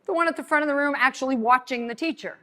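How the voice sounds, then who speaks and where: A woman with a slightly high voice leads a dog training class. She talks in an upbeat way and keeps checking in with her listeners. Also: rapid-fire, bright, forceful tone. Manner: upbeat, checks in with frequent "okay?". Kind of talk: live class instruction.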